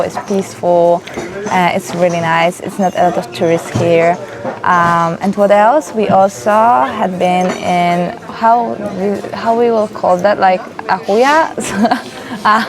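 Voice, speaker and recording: A young woman vlogging outdoors on holiday, chatting excitedly in English that is not her first language, with lots of fillers. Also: lowish voice. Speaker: travel vlogger. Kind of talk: casual travel vlog chat.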